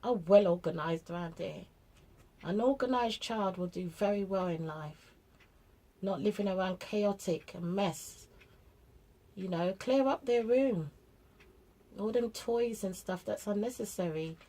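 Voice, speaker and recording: Husky-voiced British mum giving blunt advice. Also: female voice, mid-range voice, a little slow, dark tone, rough recording. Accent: British English. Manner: chatty and blunt, with street slang, acting out family exchanges. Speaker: parent vlogger. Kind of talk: casual monologue giving parenting advice.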